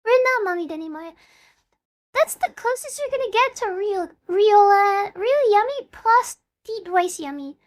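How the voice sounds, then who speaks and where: A young woman in her twenties, with a very high, light voice, chats casually on her live stream from a home desk mic. She rambles, giggles and pokes fun at herself between greetings to chat. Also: expressive, unhurried. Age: 20s. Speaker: VTuber streamer.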